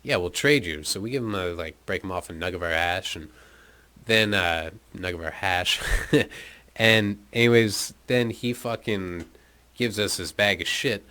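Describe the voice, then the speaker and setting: A man's voice: low voice, measured pace, pushed and bright. A man from North America telling a rambling, profane travel anecdote in a laid-back, casual way. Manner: profane, laid-back storytelling with frequent fillers. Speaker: storyteller recounting travels.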